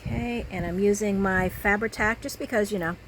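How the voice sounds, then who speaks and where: A crafting vlogger chats casually to herself and the viewer while cutting and gluing. Her medium-pitched voice is brisk, and the rough recording carries a little hiss or hum.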